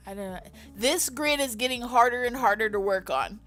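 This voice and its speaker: A woman's voice: fairly high pitch, a bit bright. A woman designer venting on a livestream, emphatic, exasperated and full of swearing.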